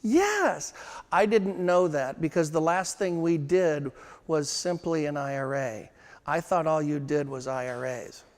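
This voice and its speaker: A man giving a sales training seminar to a live room, emphatic and slowing down to drive home his points. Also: fairly high pitch. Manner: emphatic, slows down to stress points. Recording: long hall reverb.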